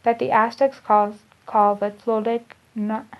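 Measured woman reading esoteric teachings. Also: a little high, steady tone. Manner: measured, deliberate, restarts and repeats phrases. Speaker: spiritual lecturer. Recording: dull lo-fi recording.

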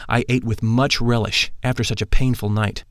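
A man narrating a spiritual memoir in the first person, measured and solemn. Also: mid-range voice, little pitch movement, a bit bright, dry recording, studio quality. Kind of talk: audiobook narration.

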